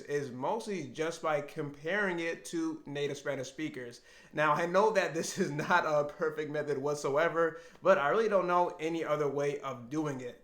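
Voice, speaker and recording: A man's voice: a little high, fairly bright tone. Earnest man musing aloud in an echoey room. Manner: earnest, thinking aloud, with self-questions. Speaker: language learner vlogger. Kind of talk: reflective solo talk to camera.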